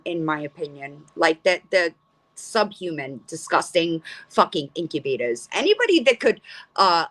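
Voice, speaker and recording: Here the same sort of livestream host, a middle-aged woman, delivers a casual rant full of blunt profanity and frequent restarts. Her pitch is mid-range with a fairly bright tone.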